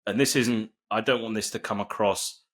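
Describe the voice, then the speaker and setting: Slow, monotone male podcast host. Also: fairly low pitch. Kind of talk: casual podcast interview.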